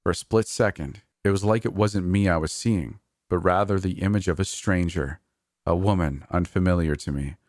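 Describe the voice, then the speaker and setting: A man with a very deep voice narrates a scripted first-person horror story. His telling is measured and steady. The recording is dry, with no room sound. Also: no echo.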